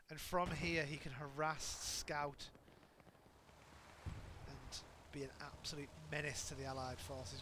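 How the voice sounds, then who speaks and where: A man calls a live online shooter match in fast, excitable play-by-play, stumbling and correcting himself as the action unfolds. His voice sits a little high for a man. Steady in-game gunfire and battle ambience run underneath him. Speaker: game commentator. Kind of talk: live esports commentary. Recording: noisy with gunfire in background.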